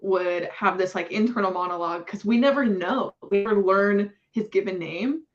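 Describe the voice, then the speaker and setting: A woman's voice: medium pitch, moderate pace, muffled recording. A woman hosting a casual book discussion, gushing and heavy on fillers, laughing between lines. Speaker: book club host.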